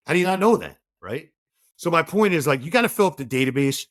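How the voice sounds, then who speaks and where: A man's voice: a little high, quick pace, dry recording. Middle-aged male guest; chatty, acts out dialogue; dry, close mic. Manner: animated storyteller, acts out quoted dialogue. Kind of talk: conversational podcast interview.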